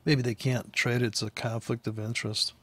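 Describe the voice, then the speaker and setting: A man's voice: mid-range voice, level tone, normal speed, fairly bright tone, husky. A man from the United States, a forex trader, ranting in a casual, rambling way over a live chart, swearing freely and laughing often. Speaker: forex trader and trading teacher.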